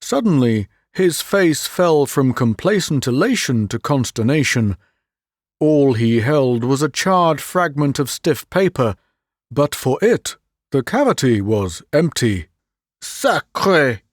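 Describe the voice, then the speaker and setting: A man narrating a classic detective story as an audiobook reader, measured and unhurried. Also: mid-range voice, expressive, dry recording, studio quality. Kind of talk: scripted narration.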